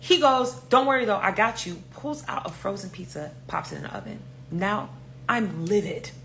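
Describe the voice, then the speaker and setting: A young woman from New York with a New York accent, telling a story in a casual, animated way, swearing freely and acting out the other voices. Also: medium pitch, normal speed, gravelly, a little hiss or hum.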